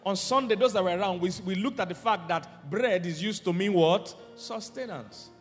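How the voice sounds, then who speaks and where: A man preaching a sermon as pastor, moving between loud shouted decrees and quiet, low lines. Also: normal speed. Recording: reverberant hall, faint music behind.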